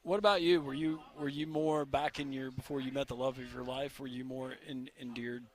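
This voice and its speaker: A man's voice: mid-range voice, steady tone, fairly quick. A man co-hosting a radio talk show, friendly and teasing. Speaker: radio host. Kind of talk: casual sports radio chat.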